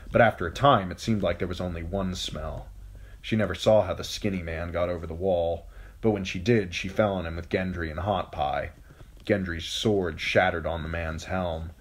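Low-voiced male audiobook narrator. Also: slight background noise. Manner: steady storytelling with occasional slips. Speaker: audiobook reader. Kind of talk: scripted narration.

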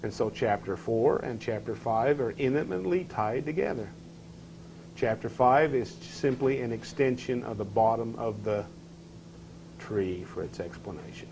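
A man's voice: mid-range voice, a little mellow, a little hiss or hum, rough recording. A man teaching a scripture class, questioning his listeners and reading verses aloud with rising emphasis.

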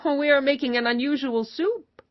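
Storybook role: a bright, high, boastful traveling cook, voiced by a woman, sing-song and loud, on a slightly dull recording. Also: normal speed, natural voice. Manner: showy, sing-song announcing.

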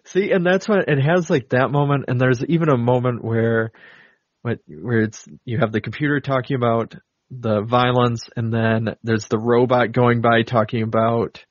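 A man's voice: mid-range voice, fairly even intonation, moderate pace, no room sound. A man in casual podcast chat, walking through film scenes with plenty of fillers and restarts. His voice sits in a middle register. The recording is dry and a little muffled. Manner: rambling, retells film scenes with many fillers. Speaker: podcast co-host. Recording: dull lo-fi dry sound.

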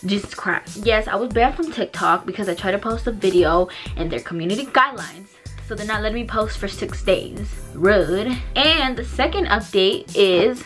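Breathless, bright-voiced young woman vlogger. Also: medium pitch, animated, moderate pace, hardly any pauses, soft background music. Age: 20s. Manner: chatty, dramatic, complaining. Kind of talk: casual vlog chat. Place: at home.

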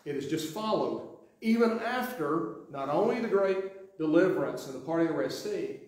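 Pastor preaching in an echoey church. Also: male voice, on the high side, expressive, moderate pace, a little mellow. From Sweetwater. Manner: conversational preaching with many restarts and acted-out quotes. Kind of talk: sermon. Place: church sanctuary. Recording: very echoey sanctuary.

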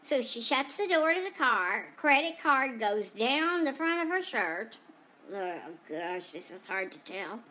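A woman's voice: fairly high pitch, very animated, unhurried, sharp tone, heavily acted. Woman voicing a gossipy female pet dog. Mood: chatty. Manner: rambling gossipy storytelling with frequent asides. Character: chatty female dog telling her day. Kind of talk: first-person pet vlog narration.

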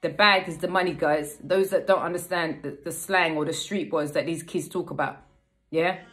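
A woman's voice: on the low side, fairly even intonation, moderate pace, a bit bright. Woman, casual preacher, repeats phrases, checks in with listeners, faint music underneath. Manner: addresses listeners often, asks "yeah?" and repeats phrases. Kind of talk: casual online sermon.

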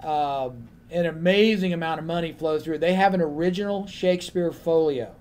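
A man on a panel telling a lively anecdote and acting out the other people in his story. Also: fairly high pitch, moderate pace.

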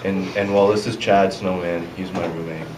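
A bumbling, overconfident teen dad of three, played by a teenage boy, with a low voice. His awkward, hesitant boasting reaches the mic from a distance, through the clatter of a noisy school room. The room echoes around him. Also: steady tone, normal speed, close to an everyday voice.

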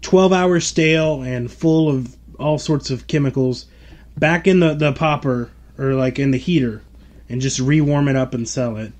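A podcast host chats casually, pausing often on ums and uhs. He is a man with an ordinary mid-range voice. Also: medium pitch, a little mellow. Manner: hesitant, filler-heavy, laughing. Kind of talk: casual chat.

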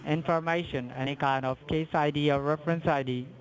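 A man's voice: a little high, steady tone, a little fast. A man on a phone call reading a polite, formal call-center script. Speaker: phone scammer.

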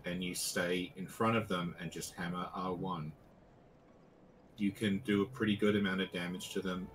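A man co-hosting a game stream, talking in a relaxed, rambling way with many fillers and dry, self-mocking humor. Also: low-pitched, low-quality recording. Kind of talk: casual stream chat.

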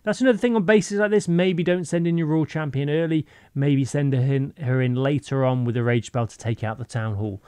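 A man's voice: fairly high pitch, brisk, hardly any pauses, dark tone, clean tone, dry recording, studio quality. A man hosting a gaming channel, giving playful, rambling gameplay commentary with goofy asides over a voice-over mic.

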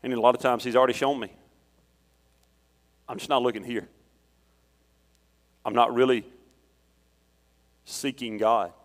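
A man preaches in a casual, conversational way and moves easily from a personal story to scripture. His voice sits at an ordinary middle pitch. The sound carries a long reverb from a church hall. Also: fairly even intonation, measured pace, pauses often. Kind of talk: sermon.

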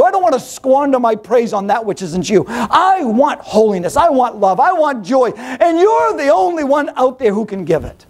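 A male pastor preaching a sermon in an animated, rhetorical way, firing questions at the congregation. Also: extremely high pitch, moderate pace, few pauses.

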